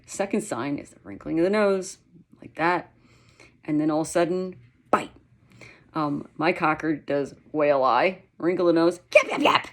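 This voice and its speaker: A woman with a low-pitched voice gives a relaxed lesson on reading dogs' signals. She talks in a loose, chatty way, full of fillers, and now and then imitates a dog's sounds. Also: moderate pace. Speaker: dog trainer. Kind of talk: casual instructional talk.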